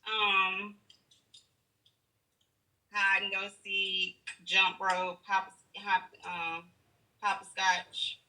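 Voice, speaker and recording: A woman parent in a group session, listing things slowly and evenly. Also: mid-range voice, little pitch movement, pushed and bright, far from the mic, low-quality recording.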